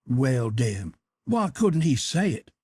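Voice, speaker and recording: Storybook figure: a stubborn, folksy grown man, read by a man, husky and dry. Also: medium pitch, sing-song, slow, a little mellow, dry recording, heavily acted. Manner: dialect-heavy, insistent arguing.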